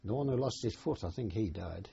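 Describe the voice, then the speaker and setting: An older war veteran recalls his service in a plain, hesitant oral-history account, his voice lowish, gravelly, husky and mellow yet animated. He tells it unhurriedly, pausing and faltering as he goes. The recording is dull and lo-fi.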